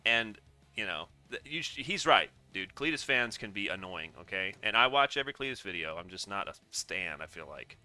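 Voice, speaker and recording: A man's voice: lowish voice, big pitch swings, normal speed, sharp tone, faint music behind. A man casually reacting to a video, rambling and sarcastic, often getting worked up and swearing. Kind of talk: casual profane reaction commentary.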